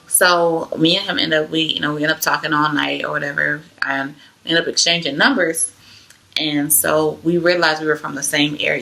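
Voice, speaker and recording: A young woman tells her own story in a casual, rambling way. Her voice sits low and carries a gravelly fry. It also has a bright, forward edge. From Georgia, US. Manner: chatty, loose, many "like" fillers. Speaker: vlogger sharing her testimony.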